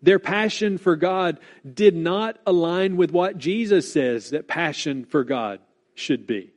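A man preaching a sermon as pastor, earnest and deliberate, stressing key words and repeating them for weight. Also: on the high side.

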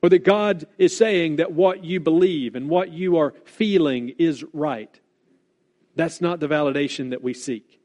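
A man preaching a sermon as pastor, earnest and deliberate, stressing key words and repeating them for weight. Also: a little high, darkish tone.

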